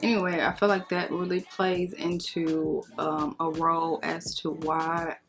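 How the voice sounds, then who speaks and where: A woman's voice: deep voice, level tone, measured pace, soft background music. Outspoken, sassy woman vlogger. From United States. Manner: outspoken, sassy, emphatic, candid. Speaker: beauty vlogger. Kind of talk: casual get-ready-with-me chat.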